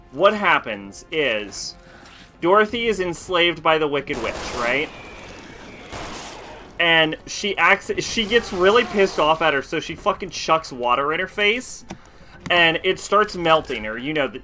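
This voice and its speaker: A male game streamer with a bright, forceful voice that sits a little high, talking casually with plenty of swearing. He tells rambling stories between moments of play. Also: big pitch swings, a little slow, pauses often, soft background music. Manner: rambling, profane storytelling. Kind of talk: casual chat while playing.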